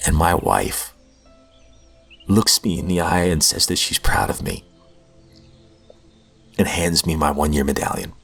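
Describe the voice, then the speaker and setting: A man's voice: a bass voice, big pitch swings, unhurried, gravelly, long pauses, fairly bright tone, slightly rough, soft background music. A man hosting a recovery podcast, telling his own story in an earnest, heartfelt, self-deprecating way. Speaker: podcast host. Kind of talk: personal recovery testimony.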